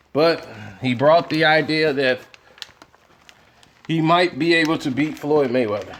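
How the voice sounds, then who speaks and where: Man, higher-pitched voice, animated, argumentative, casual opinion commentary. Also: slight background noise. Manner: animated, argumentative, laughs often. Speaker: boxing commentary channel host.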